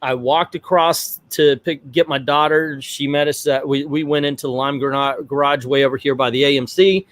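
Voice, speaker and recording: A man's voice: medium pitch, moderate pace, hardly any pauses. Middle-aged man rambling through a story. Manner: rambling, animated retelling. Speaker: vlog host. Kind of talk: casual storytelling vlog.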